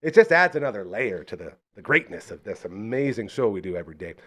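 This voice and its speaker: A man's voice: fairly low pitch, big pitch swings, fast, bright, forceful tone. A man hosting a live local podcast, chatting casually and rambling through enthusiastic sponsor plugs. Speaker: podcast host.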